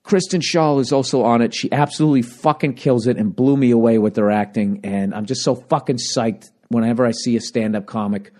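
A man's voice: medium pitch, steady tone, brisk, hardly any pauses, a little mellow. Profane, ranting man with a cracking voice. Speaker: stand-up comedian and podcaster. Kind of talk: solo podcast monologue. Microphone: handheld recorder.

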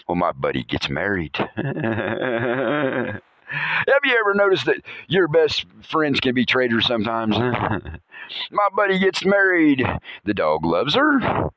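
A man's voice: on the low side, a bit bright, no room sound. A man hosting a podcast, telling rambling animal anecdotes in a casual way and chuckling often. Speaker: podcast host.

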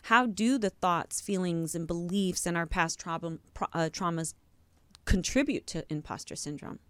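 A woman's voice: on the low side, moderate pace, no echo. Affirming woman host, dry sound. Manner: warmly affirming, rambling questions. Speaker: podcast host. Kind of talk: interviewing a guest.

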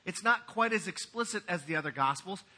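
Bright-voiced joking man pastor. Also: high-pitched, animated, fairly quick. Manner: joking, conversational preaching. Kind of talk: sermon.

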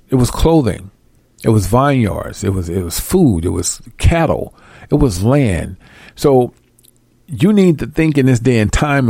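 A man's voice: medium pitch, vocal fry, a little mellow, dry recording. Preaching man with a dry, close sound. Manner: reads verses slowly, then explains in quick, emphatic street talk. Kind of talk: sermon with scripture reading.

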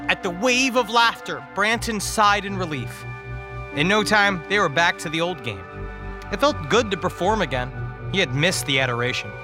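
A man as guest preacher, reading a dark comic story in a wry, dramatic way. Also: high voice, expressive, moderate pace. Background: music.

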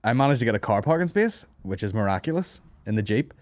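A man's voice: medium pitch, sing-song, fast talker, dry recording. A Northern Irish man in his thirties hosting a comedy podcast, telling a long, sweary story and laughing his way through it. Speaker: podcast host. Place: studio office.

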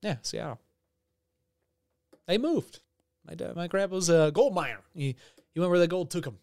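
A man's voice: high voice, animated, normal speed, darkish tone. A young man hosting a casual podcast, rambling through stories with a lot of swearing and a mock-official tone. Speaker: podcast host. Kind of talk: casual chat.

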